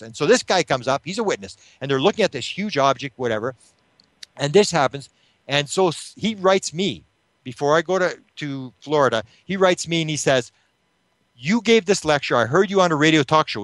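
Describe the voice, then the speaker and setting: A man being interviewed, telling a long story with animated retelling, acting out the voices of the people in it. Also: on the high side, no echo. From Canada. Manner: animated retelling that acts out quoted voices, with restarts. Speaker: interview guest, UFO researcher.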